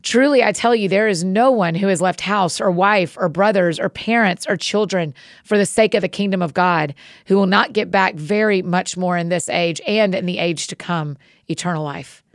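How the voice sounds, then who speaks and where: Jesus, calm male teacher, read by a woman: measured, solemn, low with some fry. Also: dry recording, clean studio sound, natural voice. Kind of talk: scripture reading.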